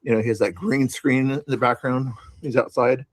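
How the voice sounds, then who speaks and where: There's no room sound as a man reviews his stream footage, his medium-pitched voice steady and his pace normal. He rambles casually, repeating words, starting sentences over and tossing off sarcastic remarks.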